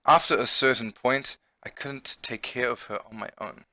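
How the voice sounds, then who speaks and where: Man reading as a hushed sad pigeon boy. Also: medium pitch, steady tone, normal speed, dry recording, natural voice. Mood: sad, hesitant. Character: sad young male pigeon schoolboy.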